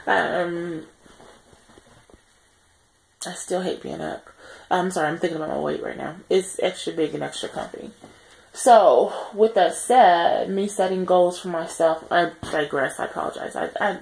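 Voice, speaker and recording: A tired woman records a candid video diary close to the camera mic. Her low voice has a gravelly edge, and she talks earnestly, with many pauses and restarts as she works through her thoughts. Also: darkish tone, rough recording. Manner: reflective and earnest, many pauses and self-corrections. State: tired, yawning. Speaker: vlogger on a weight-loss journey.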